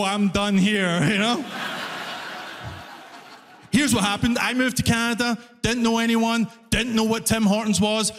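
High-pitched guy doing stand-up, lively storytelling, english not his first language, long reverb from the venue. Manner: animated storyteller, breaks into laughter. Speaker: stand-up comedian. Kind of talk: stand-up comedy routine.

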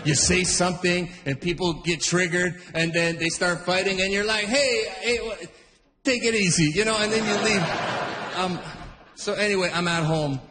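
A man doing stand-up, telling a rambling, animated story with duck impressions. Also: high-pitched, normal speed, long reverb tail, slight background noise. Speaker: stand-up comedian.

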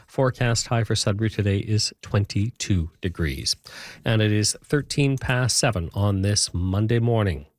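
A man reading the morning radio news in a measured, formal way. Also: fairly low pitch, no echo. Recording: dry close studio sound.

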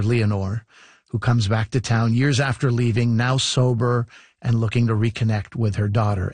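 A man hosting a radio show and reading a scripted segment. His delivery is steady and clear, in a middle pitch. The recording is dry and close. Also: no echo. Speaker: radio host, sitting in.

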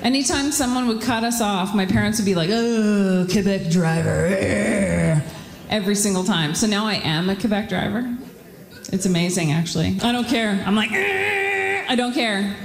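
A woman from Ottawa doing a stand-up set, telling stories in a chatty, animated way with voiced asides. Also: medium pitch, brisk. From Ottawa, Canada. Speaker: stand-up comedian. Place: theatre stage. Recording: roomy hall with live crowd.

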